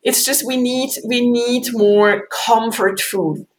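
A woman's voice: on the high side, fairly even intonation, slow pace. A woman guest author in an interview, talking animatedly, acting out inner voices, with frequent fillers. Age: adult with three kids. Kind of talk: conversational interview.

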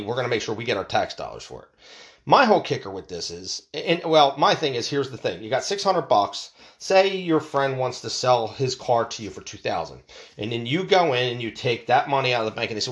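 A man telling a rambling story in a casual rant, swearing freely and restarting sentences as he goes. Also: medium pitch. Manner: animated, profane, rambling storytelling. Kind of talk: casual ranting monologue.

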